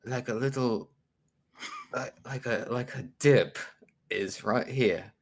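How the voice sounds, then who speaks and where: A man's voice: mid-range voice, slow. A man playing a tabletop game over a voice call, giggly and rambling, often restarting his phrases.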